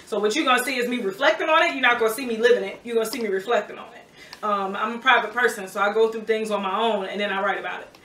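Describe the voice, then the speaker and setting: A young woman, a rapper, telling stories in a casual interview, animated and often laughing. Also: fairly high pitch, quick pace, recorded from a distance. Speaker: rapper guest. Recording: roomy echo, off-mic, faint background noise.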